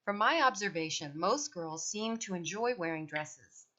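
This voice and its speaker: A woman voicing a nerdy, precise schoolboy who talks slowly and earnestly like a know-it-all. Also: fairly low pitch, expressive, pushed and bright. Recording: dull lo-fi recording.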